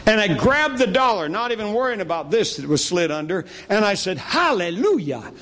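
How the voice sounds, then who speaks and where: A middle-aged man preaching a sermon, telling a personal story with animated delivery and acting out the people he quotes. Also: high voice, fairly quick.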